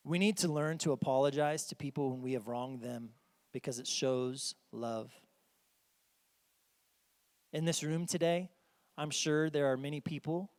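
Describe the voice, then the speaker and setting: Earnest high-voiced man preaching. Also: long reverb tail. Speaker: pastor. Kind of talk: sermon. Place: church sanctuary.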